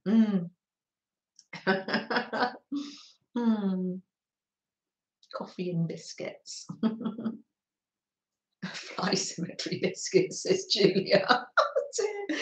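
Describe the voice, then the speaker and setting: A middle-aged British woman hosting a live art stream, chatting casually with viewers and laughing often. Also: mid-range voice. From Britain. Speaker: livestream art host. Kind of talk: casual livestream chat. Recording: roomy echo.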